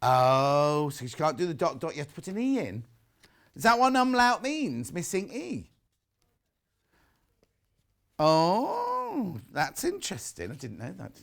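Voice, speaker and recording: A man's voice: on the high side, huge pitch swings, unhurried, gravelly, pauses often, fairly bright tone. A British man presenting a live shopping show in a windowless studio, chatting and reading out viewer messages.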